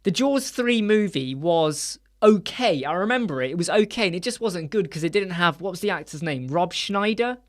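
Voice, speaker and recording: A man, hosting a casual live stream chat from a small room lined with soundproof panels, animated and acting out quoted voices. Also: high-pitched, normal speed, few pauses.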